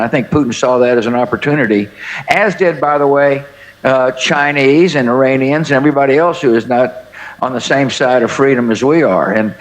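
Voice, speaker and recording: A man in his seventies from the United States, a former head of state telling anecdotes in an interview in a folksy, halting way full of "uh" fillers. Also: mid-range voice, rough recording.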